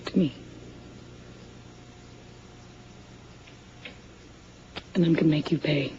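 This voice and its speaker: A woman's voice: sits low, rapid-fire, natural voice. An actress playing a woman who confronts the man who assaulted her, with intense, accusing demands, in a soap opera scene. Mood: bitter. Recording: dull muffled TV clip with faint noise.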